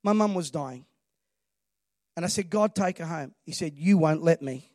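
A man's voice: fairly high pitch, moderate pace, a little mellow, no room sound, studio quality. A man preaching a sermon, emphatic and calling on the congregation to respond. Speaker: pastor.

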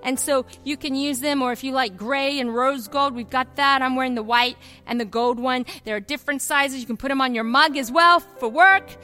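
A middle-aged woman pastor preaching a sermon, telling personal stories in an animated way and acting out the voices she quotes. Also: sits high, normal speed, few pauses, faint music behind.

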